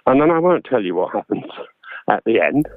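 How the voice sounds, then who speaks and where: A man's voice: mid-range voice, very animated, fairly quick, dry recording. Male narrator as guest, chatty, self-deprecating, phone-line sound, dry. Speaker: guest, voice actor and audiobook narrator. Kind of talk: casual interview chat.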